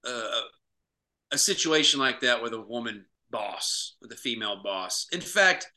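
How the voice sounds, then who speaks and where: A man co-hosting a casual podcast who talks in halting phrases as he thinks aloud. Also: mid-range voice, animated, pushed and bright. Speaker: podcast co-host.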